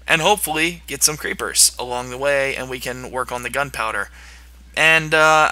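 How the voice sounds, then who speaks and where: A man's voice: mid-range voice, pushed and bright, no echo. A young man giving playful gameplay commentary and taunting the monsters on screen. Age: young adult. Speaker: gaming video host.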